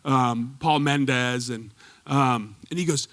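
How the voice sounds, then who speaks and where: A man telling lively, laughing stories about his old coach to a live audience, acting out the quotes. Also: mid-range voice, unhurried. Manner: animated, laughing, acts out quotes. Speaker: former goalkeeper telling stories at a tribute event. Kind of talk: storytelling speech to a live audience. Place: performance hall stage.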